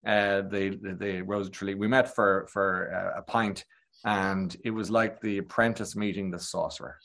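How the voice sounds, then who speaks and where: Animated Irish man telling stories. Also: low voice, moderate pace. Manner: animated anecdotal storytelling, slips into impressions. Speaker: guest, TV presenter. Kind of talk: casual chat.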